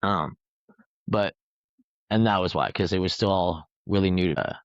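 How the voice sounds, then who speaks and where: Male podcast host, low voice, profane rambling storyteller, dull lo-fi sound. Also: moderate pace, no echo. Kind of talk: casual storytelling chat. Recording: dull lo-fi recording.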